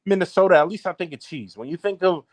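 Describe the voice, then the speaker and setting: A young man trash-talks with brash, mocking energy in heated sports banter. His voice sits a little high. The sound is dry and close, with no room around it. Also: fast, no echo. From Baltimore, Maryland. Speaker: podcast co-host.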